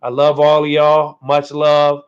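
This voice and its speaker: A laid-back man chats with his viewers on a live stream from home, thanking them over and over and tagging "man" onto his phrases. His voice sits a little high for a man, and the stream audio sounds dull and lo-fi. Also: completely flat delivery, measured pace, clean tone.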